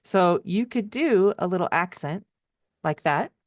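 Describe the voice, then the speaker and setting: A woman's voice: lowish voice, expressive, a little slow, a little mellow, no echo. Encouraging woman piano teacher, dull recording. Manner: encouraging, sings melodies out in syllables. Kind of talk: friendly teaching feedback. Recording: dry, dull lo-fi sound.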